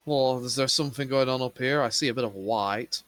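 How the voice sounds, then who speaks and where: A man's voice: medium pitch, brisk, fairly bright tone, no room sound. A man playing in a tabletop game, chatting casually in a dry, matter-of-fact way. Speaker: player. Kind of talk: casual tabletop gaming chat.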